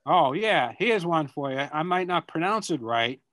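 Older Boston man, halting and reflective. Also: on the high side, animated, fairly bright tone, dry recording. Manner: reflective, halting, repeats words while searching for them. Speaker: guest speaker. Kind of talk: answering students' questions over a video call. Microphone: video call.

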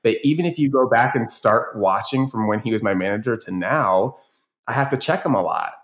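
A man who works as an educator, talking casually as a podcast guest and telling animated stories from his teaching. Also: medium pitch, a little fast. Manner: animated storyteller, acts out voices in anecdotes. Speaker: educator and youth advocate guest.

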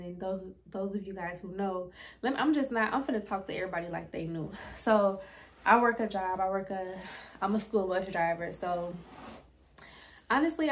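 A young woman, chatting casually and expressively to her viewers in a home vlog, speaking into her camera. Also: mid-range voice. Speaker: vlogger.

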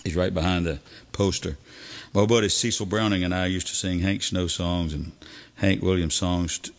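A man's voice: low-pitched, steady tone, moderate pace. A man, a singer and guitarist hosting a live music stream, telling a story between songs in a folksy, chuckling way. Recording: with loud guitar music behind.

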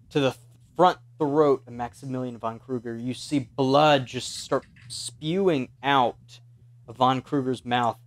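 A man narrating as game master of a tabletop horror game, in a measured, descriptive way. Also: medium pitch.

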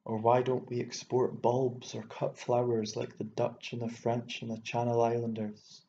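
A fussy old bachelor, voiced by a male reader, rattles on in an exclamatory, rambling way, tripping over words when he gets worked up. The delivery stays flat and mellow. The audiobook recording sounds roomy and dull, with a faint hiss beneath. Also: mid-range voice, moderate pace, creaky, close to an everyday voice. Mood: enthusing. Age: older. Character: fussy elderly male bachelor landowner, excitable.

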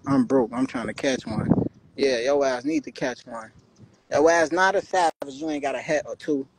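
A man's voice: medium pitch, normal speed, noisy background. A young man talking loosely into his phone on a livestream, taunting viewers in brash street slang. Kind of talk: casual livestream talk.

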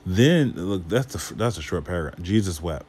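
Low-voiced man teaching from scripture. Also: animated, normal speed, darkish tone, slightly rough. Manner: reads scripture aloud then explains it with rhetorical questions; casual asides to the listeners. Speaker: Bible teacher. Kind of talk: Bible study teaching.

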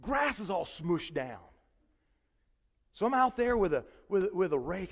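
Joking preacher in a reverberant church. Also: male voice, sits high, big pitch swings, measured pace, vocal fry, pauses often. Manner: chatty and joking, with many restarts. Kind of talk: conversational sermon. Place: church sanctuary.

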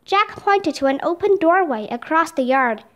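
A woman narrating a children's audiobook in a steady, clear way. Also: very high-pitched, moderate pace. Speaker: reader.

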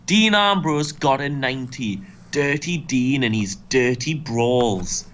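A young man co-hosting a casual game commentary, briskly recapping match results with dry asides. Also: mid-range voice, expressive, fairly bright tone. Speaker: co-host and booker.

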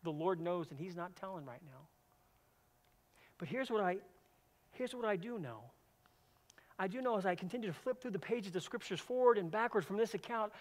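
A man with a high-pitched voice preaching a sermon as a senior pastor. He tells stories earnestly, often repeating a word as he starts a phrase. He moves between loud, emphatic stretches and quiet, hushed passages. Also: lively intonation, normal speed, pauses often.

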